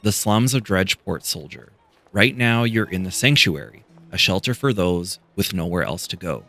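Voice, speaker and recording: A man voicing a kindly male priest and healer in a video game, reading his lines in a soft, consoling way. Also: sits low, lively intonation, normal speed, vocal fry, full character voice. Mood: gentle. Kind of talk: reading game dialogue aloud.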